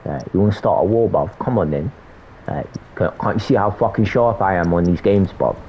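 A man's voice: low voice, brisk, highs cut off, slight background noise. A young man from London with a London accent, trash-talking aggressively and swearing on a game voice chat. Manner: aggressive, swearing, repeats "you know what I'm saying". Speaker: gamer on voice chat. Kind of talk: heated trash talk over game chat.

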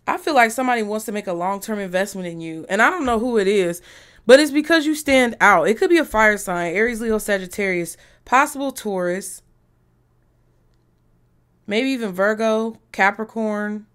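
A woman's voice: medium pitch, animated, normal speed, fairly bright tone, clean tone. A woman giving a tarot reading to her viewers, speaking bluntly and emphatically with a lot of profanity. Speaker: tarot reader.

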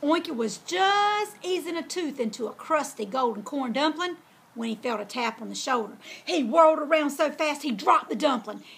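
A woman's voice: high-pitched, expressive, normal speed, gravelly, fairly bright tone, a little hiss or hum. A woman reading a children's story aloud in a folksy, drawling way.

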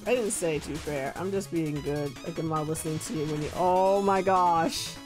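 A man's voice: on the high side, moderate pace, music in the background. A young man streaming a video game and chatting with his viewers, bubbly and giggly. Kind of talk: casual gaming stream chat.

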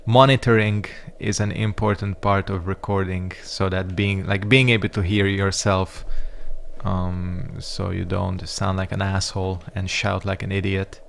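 A man's voice: sits low, level tone, unhurried, vocal fry, slight background noise. A man giving casual let's-play commentary, rambling and reacting to the game with frequent swearing. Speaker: gaming YouTuber.

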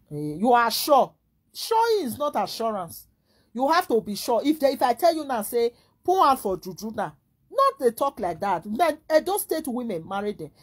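Woman, Nigerian Pidgin English accent, husky, higher pitch, animated, rhetorical, casual vlog monologue. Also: moderate pace.

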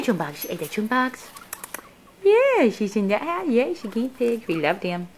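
A woman's voice: a little high, wildly swooping pitch, normal speed, pauses often, slight background noise. A woman showing her guinea pigs in a casual home video at home, talking in cooing baby talk to her pets, filmed on a handheld camera. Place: indoors at home.

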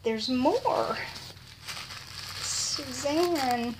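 A middle-aged woman, chatting softly and gushing, often in a whisper, while opening a gift box at home. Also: high-pitched, very slow, very noisy. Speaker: vlogger. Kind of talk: casual unboxing chat. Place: home, indoors.

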